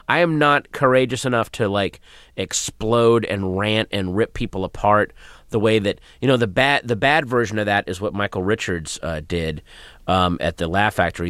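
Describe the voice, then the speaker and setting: A man, a comedian, answering interview questions in a radio studio, thoughtful and given to trailing off into soft asides. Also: lowish voice, no echo. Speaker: comedian guest.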